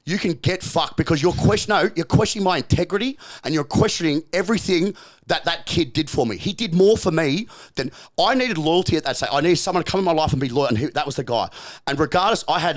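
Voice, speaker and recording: Here an expressive, fairly high-pitched Australian man tells stories as a guest on a podcast, keeping the chat casual. He swears often and talks in quick bursts, restarting lines emphatically and repeating phrases in his profane, forceful way.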